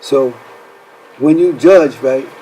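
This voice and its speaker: A man's voice: mid-range voice, slow, mellow, a little hiss or hum, low-quality recording. A man hosting a faith-based counseling talk show, asking rhetorical questions and checking in with "right?" as he speaks. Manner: preacherly, rhetorical questions, says "right?" often.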